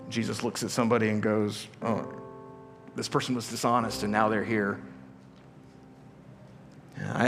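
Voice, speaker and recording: A male pastor giving a conversational sermon to his church, full of rhetorical questions and casual asides. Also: on the low side. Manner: casual, questioning, with many asides and repeated starts. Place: church auditorium. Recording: live church hall reverb with soft music.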